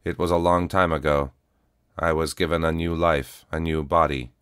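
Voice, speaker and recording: Weary old cyborg soldier, formal and measured, very deep, dry studio sound, as a man reads him. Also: little pitch movement, a bit bright, clean tone, dry recording. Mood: solemn. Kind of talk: audiobook character voice.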